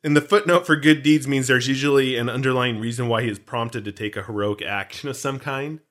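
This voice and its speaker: In a brisk, medium-pitched voice with a slightly bright quality, a podcast co-host chats casually. He jokes around, rambles from point to point and throws in pop-culture references.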